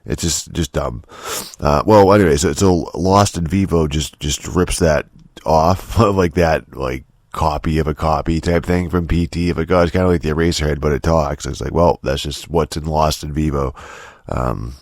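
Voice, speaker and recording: A man's voice: extremely low pitch, normal speed, dry recording, studio quality. A man hosting a solo podcast, rambling and cursing with lots of restarts and fillers. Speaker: podcast host. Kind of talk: casual solo podcast rant.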